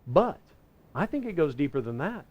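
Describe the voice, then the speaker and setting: A man teaching a Bible lesson in a folksy, conversational way, slowing down to read scripture verses. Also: fairly high pitch, very animated, darkish tone, lo-fi sound. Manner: folksy and conversational, reading scripture slowly and deliberately; self-correcting with frequent restarts. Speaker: pastor teaching a Bible class.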